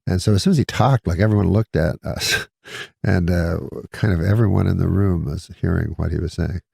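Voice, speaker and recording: Gravelly deadpan man telling a rambling story. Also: low voice, no echo, studio quality. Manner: deadpan, halting, with chuckles and restarts. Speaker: comedian guest. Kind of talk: rambling anecdote.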